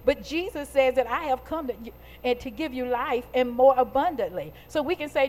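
A woman preaching a sermon to a congregation, talking in call-and-response and building to loud, stretched-out emphatic peaks. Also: high voice, lively intonation, normal speed, hardly any pauses.

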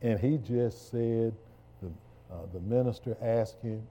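Man, preacher, slow and emphatic, mellow tone. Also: medium pitch, slight background noise. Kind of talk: sermon.

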